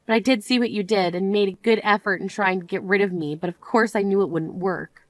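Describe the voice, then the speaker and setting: A woman's voice: medium pitch, steady tone, fairly quick, dry recording, natural voice. A woman voicing a young bride in an amateur voice drama, speaking in a firm, self-assured manner. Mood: cool firm. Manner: indignant, then cool and firm.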